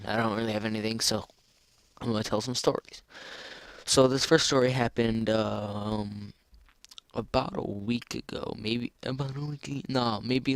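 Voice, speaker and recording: A man's voice: fairly low pitch, fairly bright tone, no room sound. A teenage boy telling a personal story in a rambling, casual way, full of restarts. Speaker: vlogger.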